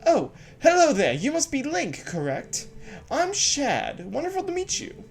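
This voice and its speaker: A man's voice: extremely high pitch, huge pitch swings, unhurried, vocal fry, soft background music, pitched above the performer's own voice, exaggerated voice. A man voicing a polite, formal, bookish young scholar who is a bit nervous.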